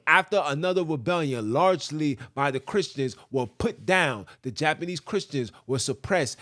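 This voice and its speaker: A man hosting a podcast, reading a text aloud and breaking off into emphatic, preachy commentary. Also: on the high side. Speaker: podcast host.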